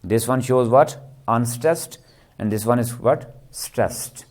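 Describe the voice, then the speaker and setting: A man's voice: medium pitch, slow, a little mellow. A man giving a literature lecture, constantly asking the class rhetorical questions. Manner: keeps quizzing with rhetorical questions, tags "ji".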